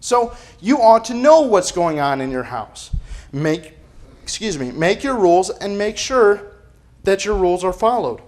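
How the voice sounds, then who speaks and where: A man's voice: sits high, sing-song, measured pace, a little mellow. A man preaching a sermon as pastor, emphatic and firing off rhetorical questions. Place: church.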